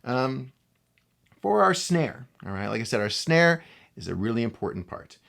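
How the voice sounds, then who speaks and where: A man teaching a casual guitar lesson, speaking in a relaxed way and often checking in with the viewer. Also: mid-range voice, moderate pace, vocal fry. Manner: relaxed, talks to the viewer with frequent "right?" and "okay?". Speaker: guitar instructor.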